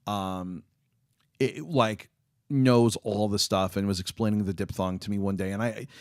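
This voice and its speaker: A man's voice: fairly low pitch, measured pace, a little mellow, dry recording, studio quality. A man chatting casually with viewers on a live stream, rambling with lots of fillers and restarts. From United States.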